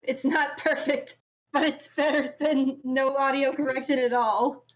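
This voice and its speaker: A woman's voice: sits high, steady tone, a little slow. A woman in a casual podcast chat, teasing and giggling.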